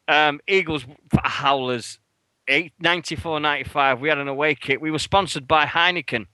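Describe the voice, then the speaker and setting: A man with a bright, forceful voice, telling a story in a casual radio chat. He swears freely and his pitch leaps sharply when he plays out his own outrage. The sound is close and dry, with no room in it. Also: brisk, dry recording, poor audio. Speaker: radio show co-host. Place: radio studio.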